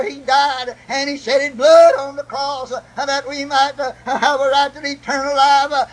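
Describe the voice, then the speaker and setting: High-pitched chanting preacher man. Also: fairly bright tone, low-quality recording. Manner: chanting, with "uh" after each breath and repeated "God bless your heart". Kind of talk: old-time preaching sermon.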